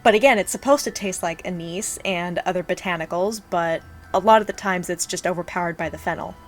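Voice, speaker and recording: A woman reviewing absinthe in a vlog, describing its look and aroma in a measured, descriptive way. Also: on the low side, faint music behind. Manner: measured, descriptive tasting commentary.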